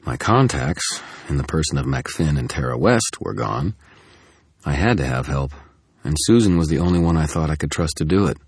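Male audiobook narrator, extremely deep voice, husky, dry close sound. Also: animated, normal speed, dry recording. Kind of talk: first-person audiobook narration.

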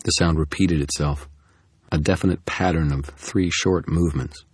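A man giving steady, grim first-person audiobook narration. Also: extremely low pitch, normal speed, husky, dry recording, clean studio sound.

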